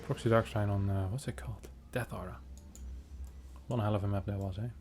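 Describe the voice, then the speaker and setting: A man casting a strategy game match in a chatty, joking way, reacting fast to the play. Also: lowish voice, steady tone, darkish tone, a little hiss or hum. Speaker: esports caster. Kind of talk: casual game commentary.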